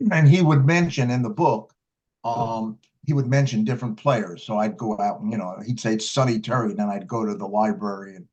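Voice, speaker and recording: In a dull, lo-fi recording, an older man who plays blues harp looks back on his youth during a relaxed interview. His voice is fairly low and a little mellow at a normal speed, and he rambles, restarting often and leaning on fillers.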